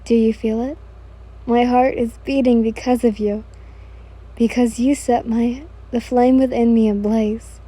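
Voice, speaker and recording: A woman voicing an ardent young male demon slayer who speaks in loud, earnest declarations of love. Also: on the high side, steady tone, unhurried, breathy edge. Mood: tender.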